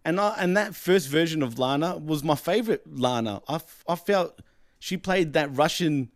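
A man co-hosting a casual wrestling podcast, chatty and quick to laugh, often saying "let's be honest". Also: fairly high pitch, animated, no echo, studio quality. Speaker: podcast co-host.

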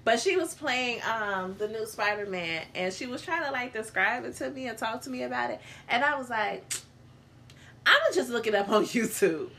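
A woman's voice: fairly high pitch, expressive, moderate pace, creaky, sharp tone, slight background noise. A woman guest in a casual chat, telling a story with giggles.

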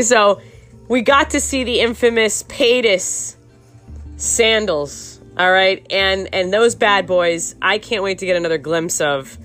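A woman's voice: on the low side, fairly bright tone. A woman hosting a podcast, giving casual, sarcastic true-crime commentary that rambles with restarts and breaks into laughter. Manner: laughs often while talking. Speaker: podcast host.

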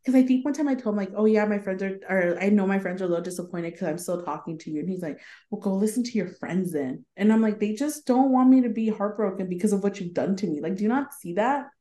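A woman's voice: medium pitch, quick pace, mellow. A woman in her thirties co-hosting a podcast, telling stories in casual chat and acting out the quoted lines with laughs and swearing. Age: 30s. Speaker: podcast co-host.

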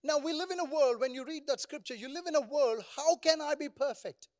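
A pastor with a very high-pitched male voice preaches a sermon at a slightly quick pace. He presses his points through rhetorical questions and invites the congregation to call back answers.

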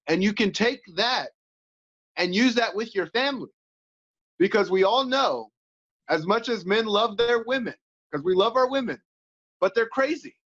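A man's voice: high voice, animated, moderate pace, long pauses, fairly bright tone. A man who fights and coaches, talking candidly as an interview guest and acting out quoted voices with laughs. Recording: slightly dull, lo-fi sound.

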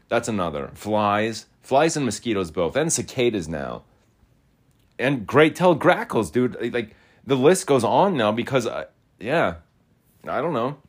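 Low-voiced young man ranting casually. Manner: ranting, swears often, repeats himself. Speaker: podcast host. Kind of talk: rambling casual monologue. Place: rural home, in and out of doors.

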